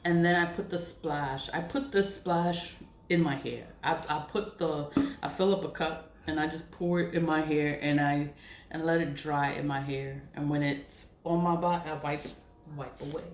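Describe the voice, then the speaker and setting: Low-voiced woman ranting in a roomy space. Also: steady tone, normal speed, slight background noise. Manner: repetitive, emphatic, swearing, trailing off with soft laughs. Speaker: spiritual vlogger. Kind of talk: rambling personal monologue. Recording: roomy echo.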